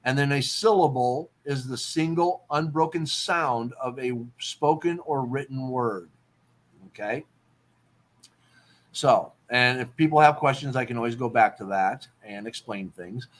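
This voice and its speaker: A man's voice: mid-range voice, measured pace. Casual man explaining poetry terms. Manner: explains terms, checks in with "okay?". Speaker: podcast host.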